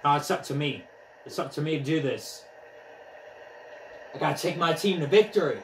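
A young man giving casual commentary on a motion game he is playing, excitable and trash-talking, out of breath as he swings a controller. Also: on the high side, normal speed, slight background noise. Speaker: gaming vlogger. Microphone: camera mic from a few steps away. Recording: echoey room, distant from mic.

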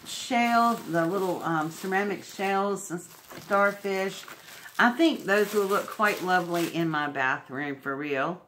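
A woman's voice: medium pitch, fairly bright tone, slight background noise. A woman unboxing craft mail at home, gushing and emotional. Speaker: crafting vlogger. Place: home indoors.

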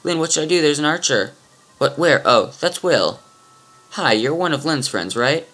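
A man's voice: fairly high pitch, expressive, moderate pace, a bit bright. A man doing a timid stammering girl knight. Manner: hesitant, stammering. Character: timid shy young female flying knight.

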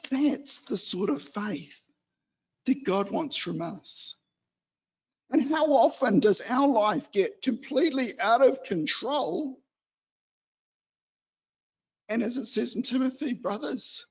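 A man from New Zealand giving an animated, chatty exhortation in a church hall. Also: very high voice, slow, slightly rough, dull audio. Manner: chatty and animated, acts out excited children. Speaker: lay preacher.

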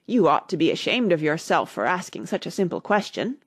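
A woman voicing a gruff, impatient male gryphon in a storybook reading, curt and scolding. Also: on the low side, big pitch swings, a little fast, dry recording, clean studio sound.

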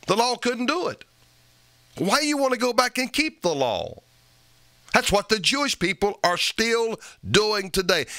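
Forceful, bright-voiced male preacher. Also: high-pitched, dry recording. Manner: emphatic preaching with sharp rises on repeated phrases; reads scripture aloud in old-fashioned wording. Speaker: pastor. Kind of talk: sermon.

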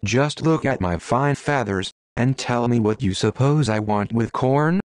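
A man's voice: mid-range voice, a little slow, dry recording, natural voice. A man voicing a vain, hungry male jackdaw in a storybook, boastful and scornful.

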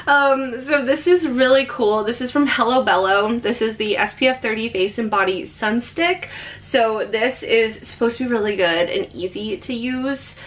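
A woman's voice: fairly high pitch, a bit bright. A young woman vlogging casually, gushing and emotional, with many filler words. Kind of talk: casual haul vlog.

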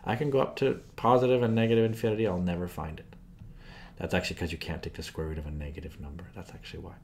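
A man's voice: deep voice, fairly even intonation, fast talker, darkish tone, slight background noise. A man teaching a math lesson over a screen recording, chatty and thinking aloud as he draws graphs, often asking the viewer questions. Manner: asks the viewer frequent questions. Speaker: math tutor.

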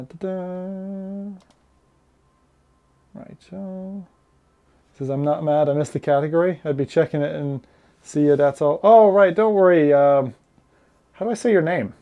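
A man's voice: a little high, mellow. A man streaming a VR game, chatting casually and reading viewer messages aloud. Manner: rambling, chatty, reads chat aloud. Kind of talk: casual live-stream chat.

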